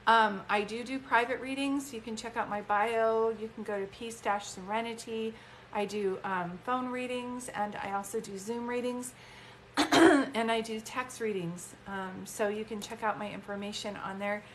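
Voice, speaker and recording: A woman's voice: on the high side, a little hiss or hum. A woman, a psychic medium chatting heartfelt and casual on a phone live stream. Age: 50s. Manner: chatty, heartfelt, many fillers.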